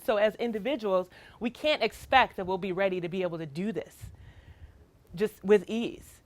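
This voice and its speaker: A woman's voice: medium pitch, no room sound. A middle-aged woman giving a child welfare training talk, earnest and emphatic in a conversational way.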